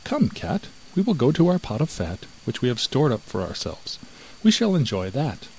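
A man voicing a timid, fretful female house mouse in a storybook, squeaky and exclaiming. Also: wildly swooping pitch, moderate pace, darkish tone, a little hiss or hum, poor audio. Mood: alarmed.

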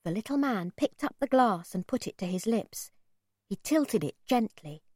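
A woman narrating a first-person children's story in an expressive, measured reading. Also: sits high, dry recording, clean studio sound. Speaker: audiobook narrator.

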